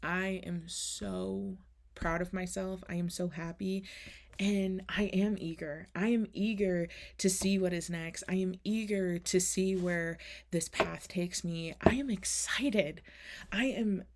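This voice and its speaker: Casual woman oracle reader, low gravelly voice, candid and chatty. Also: fairly even intonation, takes it slowly, darkish tone. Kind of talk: casual spoken oracle reading.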